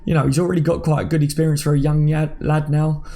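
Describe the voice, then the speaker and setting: Gravelly-voiced man chatting on a livestream. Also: on the high side, level tone, fast, mellow. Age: 30s. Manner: chatty, banters with viewers by name. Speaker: livestream host. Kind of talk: casual live chat reading comments.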